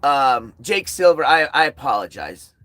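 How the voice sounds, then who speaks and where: A man's voice: mid-range voice, sing-song, measured pace, fairly bright tone, no room sound. A tired man hosting a casual outdoor livestream at night, talking bluntly and sarcastically to his chat. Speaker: livestream host.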